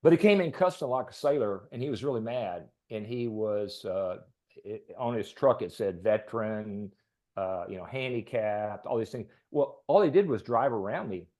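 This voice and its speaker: A man's voice: lowish voice, animated, moderate pace. A middle-aged man from Texas, a podcast guest, telling a long casual story with many fillers and small laughs. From Texas, USA. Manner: rambling, with fillers and soft laughs.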